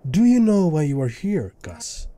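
A man reading out a mysterious stranger from a game, low and measured. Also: sing-song, dark tone, no echo. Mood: aloof. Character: mysterious stranger, cold and aloof.

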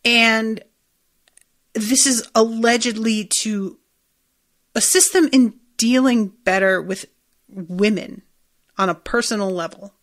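A woman's voice: a little high, slow pace, long pauses, a bit bright. A woman hosting a podcast, recapping a TV episode in a rambling, chatty way and swearing freely. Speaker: podcast host.

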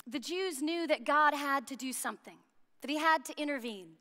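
A woman's voice: high-pitched, moderate pace, bright, forceful tone. An American woman priest giving a sermon, chatty and humorous, asking the listeners questions. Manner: conversational and humorous, with rhetorical questions. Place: church hall. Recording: long reverb of a church hall.

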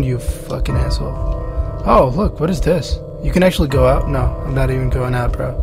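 A man's voice: a little high, fairly quick, faint music behind. A young man playing a horror game, commenting as he goes, panicking, swearing and begging to be left alone. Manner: panicky, swearing, pleading with the monster. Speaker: gaming channel host.

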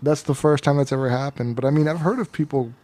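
A man's voice: a little high, fast talker, mellow. A man co-hosting a comedy podcast, reading a news item aloud and then joking about it in casual chat. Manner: reads news aloud, then jokes and laughs. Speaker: podcast co-host.

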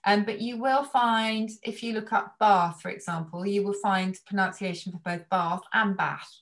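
A woman's voice: medium pitch, steady tone, normal speed, fairly bright tone. Upbeat middle-aged woman explaining. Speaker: guest language expert. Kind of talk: casual chat.

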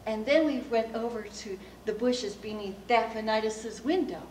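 A woman giving a speech at a speaking club, telling a childhood story in an animated way and acting out the quoted voices. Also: fairly high pitch, unhurried. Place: meeting room of a speaking club. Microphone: distant recorder. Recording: roomy, distant room recording with background hum.

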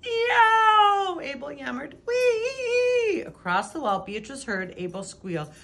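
A woman reading a children's picture book aloud in a lively, expressive way. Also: medium pitch, moderate pace, gravelly. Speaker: storybook reader.

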